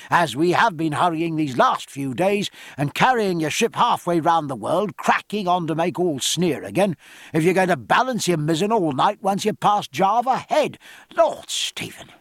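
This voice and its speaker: A man's voice: gravelly, a bit bright, husky, no room sound, clean studio sound, full character voice. A man reading as a bluff, hearty naval captain. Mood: grumbling. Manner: bluff, booming, old-fashioned sailor's talk.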